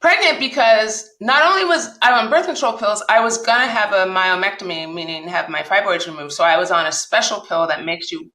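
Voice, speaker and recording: A woman telling her personal story as a podcast guest, animated and acting out the dialogue she recalls. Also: medium pitch, a little fast, hardly any pauses, roomy sound, poor audio. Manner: animated retelling, acts out quoted dialogue.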